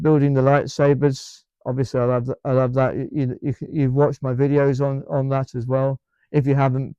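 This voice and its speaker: The recording is muffled with no room sound, carrying a medium-pitched, mellow, smooth male voice with an English accent. This vlogger from England chats casually to camera, enthusiastic and emphatic, rambling and frequently restarting or repeating himself.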